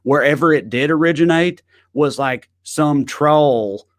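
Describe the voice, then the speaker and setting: A man's voice: a little high, measured pace. A man with a Southern American accent co-hosting a podcast, chatting loosely with casual swearing. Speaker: podcast co-host. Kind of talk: casual comedic chat.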